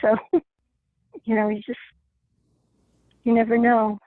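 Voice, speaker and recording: A woman on a phone call in a class, earnestly telling a personal story with halting restarts. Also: fairly high pitch, flat delivery, no echo. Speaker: class participant sharing a story. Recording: tinny phone line, dry.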